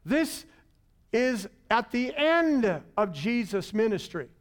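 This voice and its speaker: A man preaching a sermon, swinging between booming emphasis and hushed, drawn-out lines. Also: sing-song. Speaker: pastor.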